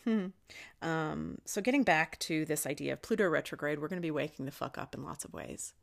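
A woman with a low-pitched voice hosts a confessional spiritual podcast on her own. She is middle-aged, candid and unfiltered, and swears freely. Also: a little fast, creaky. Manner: candid, swears often, talks openly about her feelings. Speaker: podcast host.

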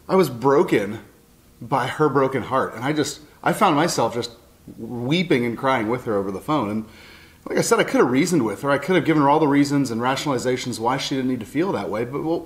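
A middle-aged man giving an earnest, heartfelt sermon, often restarting his phrases as he speaks. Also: mid-range voice. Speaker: pastor and counselor.

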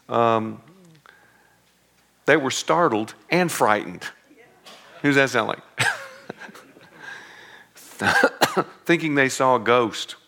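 A man's voice: medium pitch, vocal fry, sharp tone. A man teaching through a Bible passage in an informal, conversational way, breaking off for joking asides and correcting himself as he goes.

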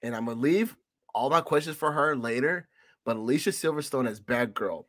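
A man's voice: mid-range voice, a little fast, a bit bright, no room sound, studio quality. A man co-hosting a casual film review podcast, ranting in a profane, exasperated way. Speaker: podcast co-host.

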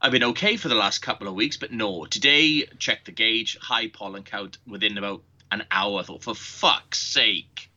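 A man in casual chat, cursing freely and slipping into mocking voices as he tells stories. His tone is strikingly bright and cutting. The recording is dull and lo-fi. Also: fairly low pitch, brisk, few pauses. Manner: sweary, sarcastic, acts out mocking quotes.

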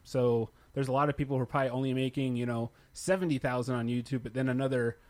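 A man's voice: medium pitch, steady tone, fast talker, darkish tone. A man who runs a tech channel, talking in casual podcast chat and explaining things at length with plenty of fillers. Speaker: YouTube tech channel creator.

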